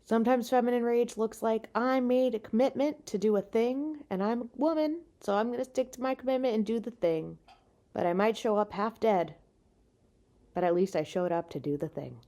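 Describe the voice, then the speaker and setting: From her bed, a tired comedian-turned-podcast host delivers a casual solo monologue, venting frankly, cursing a lot and running herself down. Her warm voice sits on the high side at normal speed, and she has no podcast mic, only a makeshift one.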